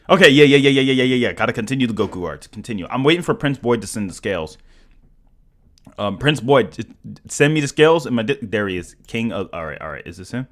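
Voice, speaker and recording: A young man hosting a live stream, excitable and stammering, swinging between shouts and mumbles. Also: mid-range voice, brisk. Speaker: livestream host. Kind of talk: casual live stream chat.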